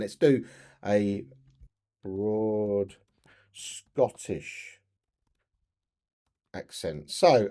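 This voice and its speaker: A man talking teachers through a software tutorial in a chatty, step-by-step way. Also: mid-range voice, breathy edge. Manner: chatty, step-by-step, frequent restarts. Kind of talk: screen-share tutorial narration.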